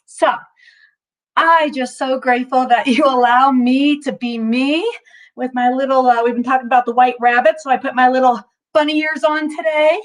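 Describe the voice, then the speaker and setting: A fairly high-voiced woman guides a mindfulness class in loose, upbeat chatter. She fills her talk with ums and restarts and sounds a little out of breath at times. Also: steady tone, moderate pace. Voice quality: chatty, upbeat, self-interrupting with many fillers. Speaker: mindfulness instructor. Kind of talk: casual guided mindfulness session.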